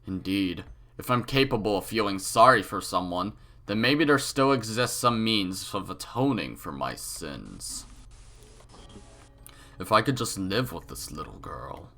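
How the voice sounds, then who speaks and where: A man's voice: lowish voice, animated, measured pace, gravelly, bright, forceful tone, full character voice. A man with a cold voicing a creepy, menacing young male villain in a game reading, with sinister laughs. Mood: gloating. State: has a cold.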